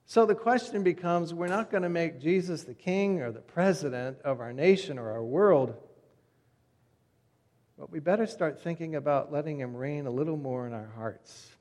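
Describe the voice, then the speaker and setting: Male pastor, chatty sermon delivery that fades soft at phrase ends, lightly raised pitch, echoing sanctuary. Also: moderate pace. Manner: conversational storytelling, voice drops soft at phrase ends. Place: church sanctuary. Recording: long reverb of a church hall.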